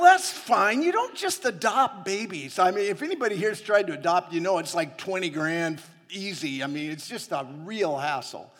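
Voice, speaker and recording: A man's voice: a little high, a bit bright. Chatty preacher man in a reverberant hall. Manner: chatty, laughs often between lines. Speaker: missionary preacher. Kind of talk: sermon with personal storytelling.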